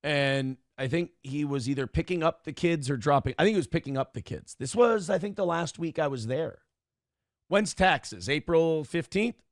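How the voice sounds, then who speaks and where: Man, casual livestream storyteller, rambling and self-correcting, slightly high voice, dry close sound. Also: expressive, normal speed, no echo. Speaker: streamer reading chat and telling a story.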